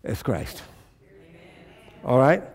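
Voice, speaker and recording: A man preaching a sermon in a call-and-response style, often climbing into loud exhortation. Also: very slow. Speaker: pastor.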